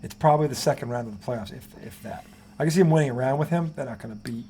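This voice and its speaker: A man co-hosting a casual sports talk show, jokey and quick to laugh, swearing now and then. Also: mid-range voice, warm tone, slight background noise. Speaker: podcast co-host.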